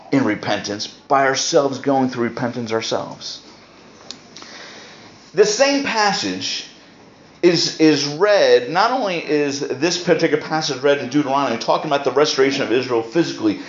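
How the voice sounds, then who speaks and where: High-voiced man preaching a sermon. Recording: roomy, dull lo-fi sound.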